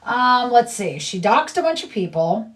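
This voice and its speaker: A woman's voice: on the high side, big pitch swings, a little slow, fairly bright tone, far from the mic. A middle-aged woman livestreaming, chatting casually in a blunt, rambling way and repeating herself.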